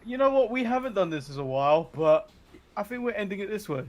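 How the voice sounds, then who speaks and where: English male host, high and expressive, relaxed and giggly. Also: quick pace. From England. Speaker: podcast host. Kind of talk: casual chat.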